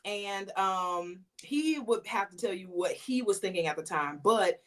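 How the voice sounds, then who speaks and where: A woman guest on a podcast, telling a personal story in a casual, animated way and acting out the messages she quotes. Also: medium pitch, a little slow.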